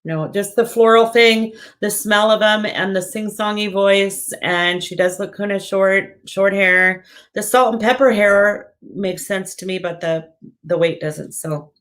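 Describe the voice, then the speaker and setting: A psychic medium reads viewer comments aloud during live-stream readings, her speech chatty and searching with plenty of fillers and self-corrections. Her voice is medium-pitched, a bit bright, and a little slow.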